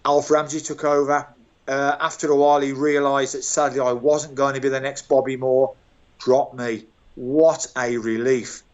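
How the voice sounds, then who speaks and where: A man's voice: medium pitch, normal speed, dull audio. Older man spinning self-mocking football stories. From England, Birmingham. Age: 60s. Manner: animated, self-mocking anecdotes. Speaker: guest, former footballer. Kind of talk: storytelling interview.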